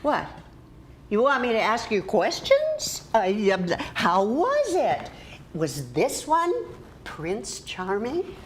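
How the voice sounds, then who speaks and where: A woman's voice: medium pitch, animated, a little slow, a little mellow, a little hiss or hum, natural voice. An older woman acting a sarcastic friend with dry, teasing humor in a TV drama.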